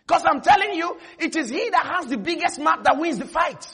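A man preaching a sermon, telling a story with animated energy and bursting into shouts. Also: extremely high pitch, brisk, few pauses.

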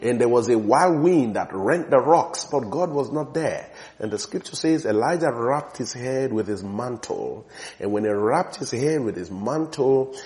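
In a church, a man preaches a sermon emphatically, his voice swelling loud on key phrases and sinking low at the ends of others.

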